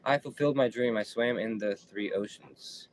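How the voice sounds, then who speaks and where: Casting: male streamer, laid-back and slangy, mid pitch, faint background noise. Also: moderate pace, poor audio. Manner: slangy, laid-back, repeats himself while reading chat. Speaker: livestream host. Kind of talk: casual live-stream chat.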